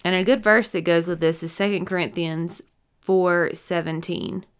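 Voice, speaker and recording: A young woman gives a halting personal testimony, her lowish voice smooth and resonant even as she breaks off and restarts. She sounds teary and worn out, yawning between thoughts. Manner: emotional, halting, with many fillers and restarts. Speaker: stroke survivor sharing her story.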